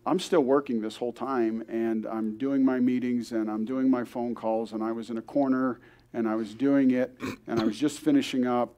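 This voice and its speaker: A man's voice: medium pitch, steady tone, normal speed, dark tone. Older man telling an earnest testimony. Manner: earnest storytelling, acting out quoted voices. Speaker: guest speaker. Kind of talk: testimony story at a church service. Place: church service.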